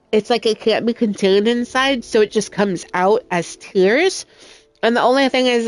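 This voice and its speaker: A young adult woman streaming a game, talking in a heartfelt, emotional and rambling way with many fillers. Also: mid-range voice. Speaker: gaming streamer. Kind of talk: casual chat while playing. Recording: faint music in background.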